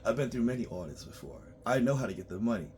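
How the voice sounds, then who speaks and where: A man working as a tax preparer, ranting bluntly and profanely in a monologue, swinging between loud outbursts and low muttering. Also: expressive, fast, a little hiss or hum.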